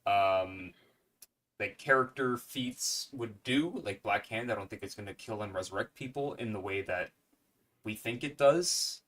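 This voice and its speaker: A man's voice: on the low side, measured pace, a bit bright. A man guest in a streamed comics chat, speculating and thinking aloud with restarts over a call mic. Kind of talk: casual chat.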